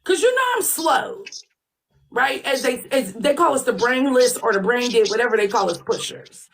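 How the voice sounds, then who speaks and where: A woman's voice: on the high side, expressive, normal speed, gravelly. Sarcastic woman playing dumb. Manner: mock-innocent, sarcastic questioning. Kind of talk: casual commentary chat.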